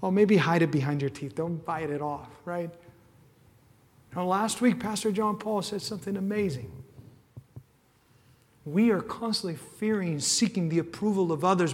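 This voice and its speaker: A man preaching a sermon with passion, rising to loud cries and dropping to hushed tones. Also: high-pitched, normal speed, pauses often. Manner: impassioned, swings from shouting to hushed. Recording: long hall reverb.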